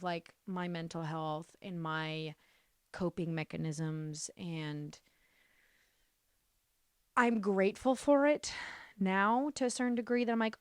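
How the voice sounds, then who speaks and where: A young woman hosts her own podcast in a loose, rambling solo monologue. She is blunt and swears freely, swinging from deadpan asides to exasperated rants, full of restarts and filler words. Her voice sits close and dry on the mic, at an ordinary middle pitch. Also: smooth, dry recording. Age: 20s. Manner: rambling with many likes and restarts. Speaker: podcast host.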